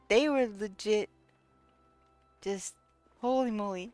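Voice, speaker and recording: A woman with a high voice chats through a live game stream at an unhurried pace. She keeps breaking into laughter and exclaiming in disbelief. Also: animated, no room sound, soft background music. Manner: laughs often, incredulous exclamations. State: laughing to tears. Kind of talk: casual live-stream chat while playing.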